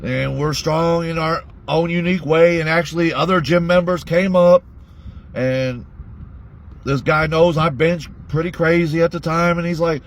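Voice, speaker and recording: A man's voice: fairly high pitch, fairly even intonation, unhurried. A man ranting bluntly to his audience in a heated monologue, swearing constantly. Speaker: vlogger.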